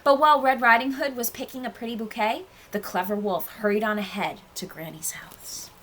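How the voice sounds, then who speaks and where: A nursery school teacher, a woman, reading a storybook aloud to young children with expressive, sing-song storytelling. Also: fairly high pitch, a little fast, a little hiss or hum, poor audio.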